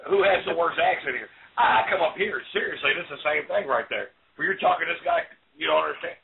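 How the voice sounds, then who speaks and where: Gravelly joking man on a tinny line. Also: on the high side, expressive, fast talker. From Florida. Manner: joking, profane, blunt. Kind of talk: casual chat.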